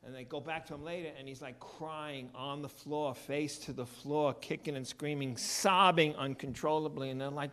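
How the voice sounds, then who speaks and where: A man's voice: a little high, fairly even intonation, normal speed, few pauses, fairly bright tone. A male pastor giving a sermon, opening in prayer and telling stories in a conversational way. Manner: conversational storytelling preacher.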